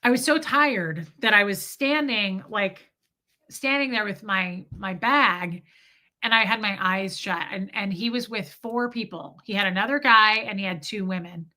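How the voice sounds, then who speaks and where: A woman's voice: medium pitch, unhurried, pushed and bright. A tired woman in her forties telling a story on a live stream, rambling and swearing and reading viewer comments aloud. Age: 40s.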